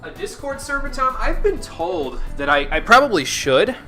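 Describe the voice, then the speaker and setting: Bright, lively streamer. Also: male voice, extremely high pitch, moderate pace, faint music behind. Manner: chatty, answers chat, self-deprecating with restarts. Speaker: game streamer. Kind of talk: casual live-stream game commentary.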